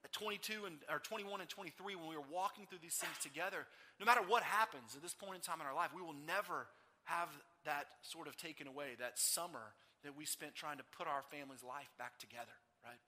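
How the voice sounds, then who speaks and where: A man's voice: fairly high pitch, fast. A man preaching a sermon, telling the story with feeling and acting out the people in it. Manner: animated storytelling, voicing the people in the text. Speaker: pastor. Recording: long hall reverb.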